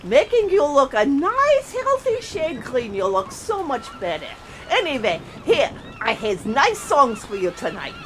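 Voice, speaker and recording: A woman's voice: high voice, huge pitch swings, unhurried, hardly any pauses, background noise, full character voice. A woman voicing a fussing older woman who visits a sick relative, teasing in broken grammar and singing a comic parody on a radio show. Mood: doting, teasing. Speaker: radio host.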